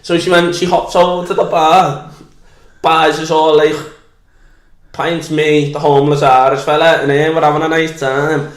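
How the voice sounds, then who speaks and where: A man's voice: fairly high pitch, little pitch movement, moderate pace, roomy sound. A young man from Liverpool with a Scouse accent, a podcast guest telling a long, crude, self-deprecating story in casual chat.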